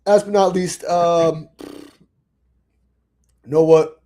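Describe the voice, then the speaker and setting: A man's voice: a little high, fairly even intonation, drawn-out words, mellow. A man co-hosting a casual sports chat, barking orders at players in a mock drill-sergeant manner. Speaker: podcast co-host.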